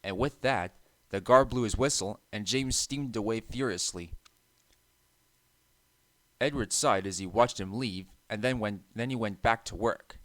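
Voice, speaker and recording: Soft-spoken man reading a storybook. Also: lowish voice, a little slow, no echo. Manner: soft and even, occasional restarts. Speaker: narrator. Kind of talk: storybook narration.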